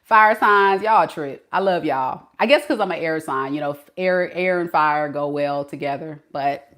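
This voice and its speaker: A woman's voice: low-pitched, moderate pace, fairly bright tone. A woman tarot reader hosting a casual live stream. She chats playfully with her viewers, greets them, and laughs often.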